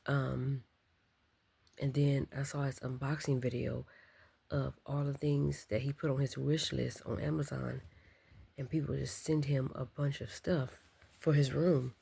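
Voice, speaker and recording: A woman talking in a casual late-night vlog, keeping her voice low and soft, reflective and full of ums and likes. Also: level tone, unhurried, gravelly, husky. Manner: speaking softly and low to keep quiet. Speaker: vlogger.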